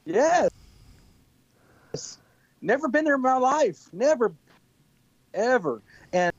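Male guest, West Texas, country singer, rambling storyteller, slightly high voice, dry and dull lo-fi sound. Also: darkish tone, no echo. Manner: rambling, laughing, repeats words. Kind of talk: casual storytelling.

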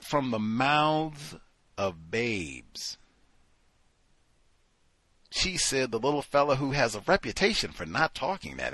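A man hosting a talk show in a loose, conversational way, sometimes acting out other people's voices. His voice is husky with a bright edge, and his pitch swings widely. The sound is dry and close. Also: no room sound. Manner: animated, acts out quoted voices. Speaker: podcast host. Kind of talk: casual commentary.

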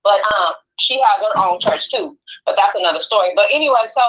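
A woman in her forties calling in to tell a personal story, animated, restarting sentences and checking in with the listener. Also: mid-range voice, brisk. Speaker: caller. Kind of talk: personal storytelling on a call-in show. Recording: muffled phone line.

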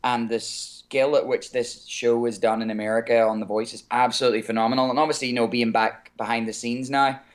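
An Irish man from Ireland, calling in as a guest singer and chatting in an easygoing way, chuckling and pausing on fillers. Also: mid-range voice, flat delivery. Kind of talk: casual call-in chat.

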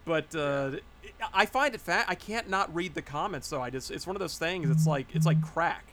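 A man co-hosting a casual podcast, telling stories excitedly and acting out the lines he quotes. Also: a little high, normal speed, noisy background. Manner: excitable storyteller, acts out quotes. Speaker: podcast co-host. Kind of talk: casual chat.

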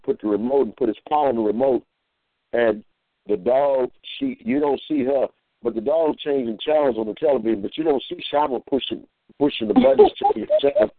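A man's voice: mid-range voice, no room sound. A man who ministers, telling folksy stories and preaching in a rambling way, repeating phrases and acting out voices. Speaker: minister calling in. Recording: tinny dry phone line.

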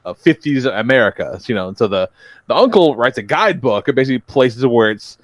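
A man's voice: mid-range voice, animated, fairly quick, no echo. A man hosting a podcast, chatting casually in a rambling way and swearing freely. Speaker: podcast host. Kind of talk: casual chat.

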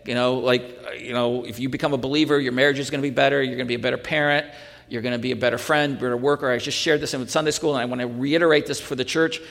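A man's voice: mid-range voice, steady tone, fast talker, creaky, a bit bright, in a large hall. A male pastor teaching a sermon in earnest, pressing the point with rhetorical questions and restarting his sentences.

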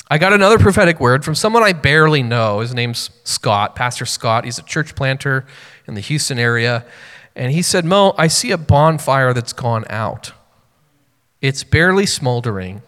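A man in his thirties, a pastor, preaches a sermon in a church sanctuary, his medium-pitched voice fairly bright in tone. He speaks earnestly and personally, in a conversational style full of fillers, and the recording has a long hall reverb.

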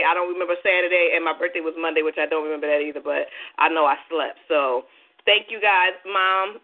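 A sassy woman host talks straight to her audience with lively energy. Her voice is mid-pitched for a woman and comes through narrow and phone-like. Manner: sassy, animated, addresses listeners directly. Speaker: radio show host. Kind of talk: casual phone-in talk radio. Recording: phone-like, lo-fi sound.

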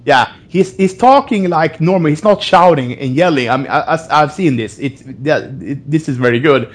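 A man's voice: a little high, expressive, normal speed. A man co-hosting a podcast in rambling casual banter, often restarting with "I mean". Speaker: podcast co-host.

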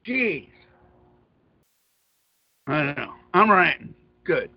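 Male radio host, very high voice, combative profane ranter, lo-fi sound. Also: lively intonation, unhurried. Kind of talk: ranting monologue. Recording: dull lo-fi dry audio.

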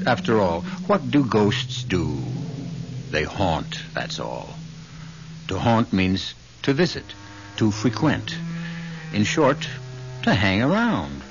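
A man hosting a radio mystery show, giving a wry, theatrical scripted introduction. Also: on the low side. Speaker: radio drama host. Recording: muffled old radio broadcast with music.

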